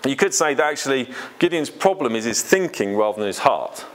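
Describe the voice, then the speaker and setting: A man's voice: medium pitch, very animated, brisk, slight background noise. A man preaching a sermon, conversational and earnest, asking the congregation questions.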